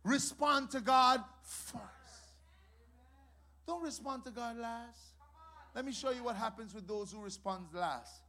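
Speaking unhurriedly in a very high voice, a man preaches as a pastor. His delivery moves from soft side remarks to booming, melodic declarations, and he repeats lines for emphasis.

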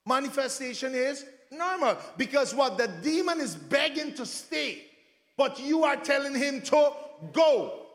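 High-voiced preacher in an echoey hall. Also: male voice, animated, unhurried. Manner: rousing, breaks into shouts, asks the congregation to answer. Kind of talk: sermon.

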